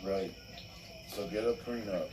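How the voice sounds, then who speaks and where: A man's voice: low-pitched, measured pace, recorded from a distance, background noise. A man hosting a casual podcast chat, ranting bluntly and profanely. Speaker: show host.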